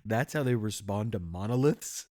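A man's voice: fairly low pitch, animated, normal speed, darkish tone, dry recording. A man co-hosting a casual podcast chat, sarcastic and profane, laughing often as he talks.

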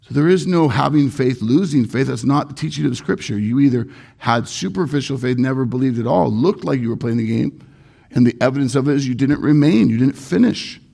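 A man preaches a sermon with earnest emphasis and leans on repetition to drive his points home. His voice is gravelly and a little husky, and it sits at an ordinary middle pitch. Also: fairly quick, mellow. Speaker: pastor.

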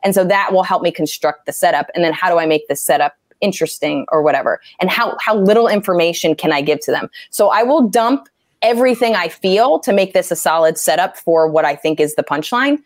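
A woman comedian talking casually about writing jokes, animated and swearing freely as she acts out angry quotes. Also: lowish voice, a little fast, dry recording, studio quality. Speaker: stand-up comedian. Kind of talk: casual interview talk.

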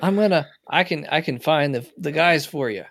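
A man's voice: fairly high pitch, animated, normal speed, vocal fry, fairly bright tone, exaggerated voice. A man doing a stammering eager young boy. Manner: stammering, pleading, eager to help. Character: eager scrappy young boy tagging along.

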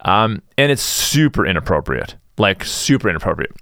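A man's voice: sits low, sing-song, moderate pace, sharp tone, no echo, studio quality. A middle-aged man hosting his own podcast, telling a story in a blunt, casual monologue. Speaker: podcast host.

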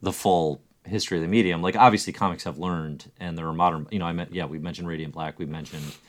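Brief: male podcast host, lowish voice, meandering and hedging. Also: steady tone, fast talker. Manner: rambling, hedging with many "like"s. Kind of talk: casual chat.

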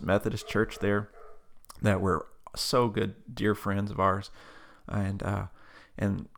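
A man with a low-pitched voice speaks as an interview guest. There is a gravelly fry in his voice, and he talks in an earnest, loose way, full of casual fillers as he tells a faith story and prays. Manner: earnest, conversational, with frequent "like" fillers. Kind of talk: personal faith story and spoken prayer.

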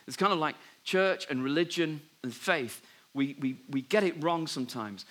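A man preaching a sermon, telling a Bible story with lively asides and dropping softly when he gives God's words. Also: mid-range voice, moderate pace. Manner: animated storytelling, drops to soft voice for God's words. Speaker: pastor.

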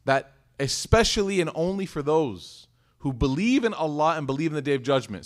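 A man teaching a sermon in a conversational, animated way, telling a personal story and asking rhetorical questions. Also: a little high. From United States. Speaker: Islamic teacher.

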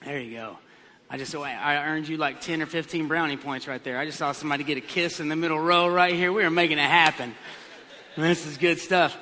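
Animated man preaching in a reverberant hall. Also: a little high, brisk. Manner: animated storytelling with comic voices. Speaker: pastor. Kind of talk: sermon.

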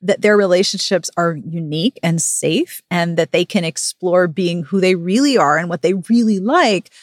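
A woman with a fairly low voice hosts a podcast, telling the story of a novel in a frank, animated way. The sound is dry and close to the mic. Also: normal speed, no echo. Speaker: podcast host. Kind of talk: casual book recap chat.

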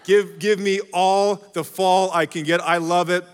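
A man in his forties, a pastor, preaching a sermon to a church in an energetic, joking way and calling out to the congregation. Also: high-pitched, unhurried, clear, resonant tone. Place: large church auditorium. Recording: long hall reverb.

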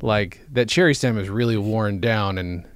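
A man's voice: lowish voice, normal speed, clear, resonant tone, no room sound. A man hosting a podcast, chatting casually with dry, teasing humor. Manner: dry teasing, deadpan asides. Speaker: podcast host. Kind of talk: casual comedic chat.

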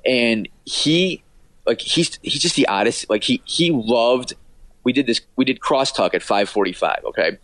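A man's voice: medium pitch, expressive, a little slow, fairly bright tone, dry recording. A man, an author and radio producer, telling anecdotes casually as an interview guest, with many fillers and restarts.

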